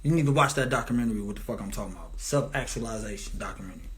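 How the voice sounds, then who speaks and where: A man's voice: lowish voice, rapid-fire, fairly bright tone. Rambling, profane, grandiose man. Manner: profane, grandiose, meandering with restarts. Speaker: commentator. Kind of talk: rambling monologue.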